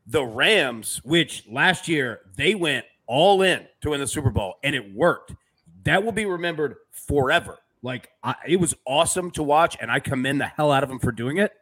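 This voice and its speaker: Host, male, bright and forward tone, casual filler-heavy sports chat. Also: a little high, expressive, moderate pace, husky. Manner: loose, filler-heavy, reads chat comments aloud. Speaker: podcast host.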